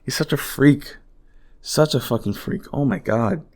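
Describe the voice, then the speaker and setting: A man's voice: mid-range voice, unhurried, a little mellow. Rambling, profane male podcast host. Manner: rambling, profane and exasperated, heavy filler words. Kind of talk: casual solo podcast monologue.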